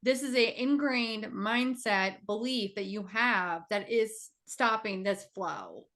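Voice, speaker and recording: A woman's voice: mid-range voice, slow, a bit bright. A woman hosting a casual interview, encouraging her guest with frequent affirmations. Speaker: host.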